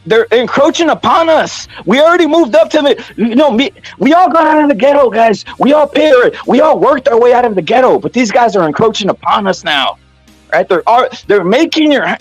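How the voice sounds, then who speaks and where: A man's voice: high-pitched, dry recording. A man hosting a casual boxing rant, profane, repetitive and heated. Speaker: boxing commentary channel host.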